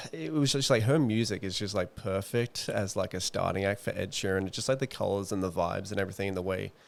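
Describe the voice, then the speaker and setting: A man's voice: low-pitched, brisk, creaky. A young man co-hosting a podcast, chatty and laughing often as he tells stories and swears freely. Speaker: podcast co-host. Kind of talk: casual chat.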